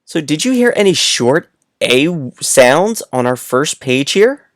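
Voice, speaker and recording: Slow, playful male teacher reading aloud. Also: fairly high pitch, sing-song, no echo, clean studio sound. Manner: playful, coaxing, speaks straight to the child. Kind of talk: read-aloud lesson for young children.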